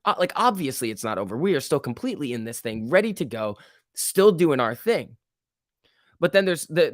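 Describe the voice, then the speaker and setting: A man talks through a live stock market stream in loose, slangy commentary, answering viewers in chat as he goes. His pitch swings widely as he talks. The sound is dry and close, with no room around it. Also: dry recording. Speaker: stock market livestream host. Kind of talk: casual livestream commentary.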